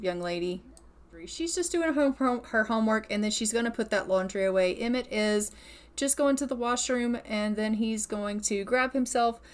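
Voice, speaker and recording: Brief: woman, slightly higher voice, chatty let's-play commentator, affectionate. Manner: chatty, affectionate, laughs often. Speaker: gameplay commentator.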